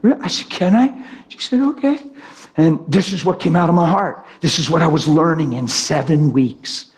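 A man's voice: fairly high pitch, moderate pace, darkish tone. A man preaching a sermon, telling his own story with spontaneous, emphatic delivery and acted-out quotes. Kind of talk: sermon with personal testimony.

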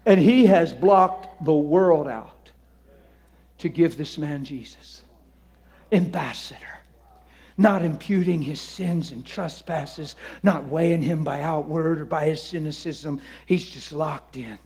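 A man preaching in an animated storytelling style, laughing and swinging between loud bursts and hushed asides. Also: fairly high pitch, a little slow, slightly rough. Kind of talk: storytelling sermon.

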